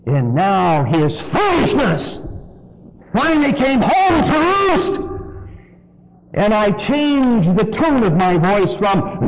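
A man preaching a sermon in church, swinging from loud, high exhortation to low, quiet warning. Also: sing-song, takes it slowly. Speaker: pastor. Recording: dull lo-fi sermon recording with faint noise.

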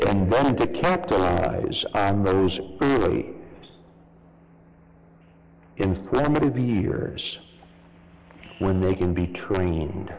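A man preaching a fervent sermon as pastor, his voice leaping high for emphasis and then dropping low. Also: in a large hall, highs cut off. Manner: fervent preaching with sharp rises and drops in pitch. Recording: loud background noise.

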